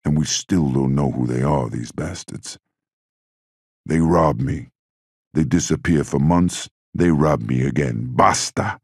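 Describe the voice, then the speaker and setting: A man voicing an older male crime boss who is furious and erupts into shouting. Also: extremely low pitch, measured pace, vocal fry, husky, no room sound, clean studio sound, full character voice. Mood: raging. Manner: explosive, shouting in bursts.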